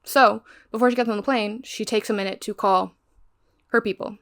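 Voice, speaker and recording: A woman's voice: medium pitch, fairly even intonation, normal speed, fairly bright tone. A woman giving a casual, rambling recap of a crime novel she is reading, going off on tangents and swearing freely. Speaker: book reviewer.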